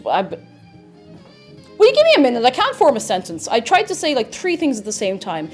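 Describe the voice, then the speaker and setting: Rambling, animated woman streamer cooking. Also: on the high side. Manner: rambling, self-mocking, talks to herself and chat. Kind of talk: casual live-stream chat while cooking. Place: home kitchen.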